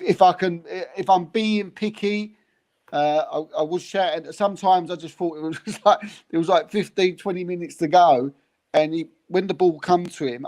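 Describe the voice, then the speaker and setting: Animated football fan storyteller. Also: male voice, a little high. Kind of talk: casual football reaction chat.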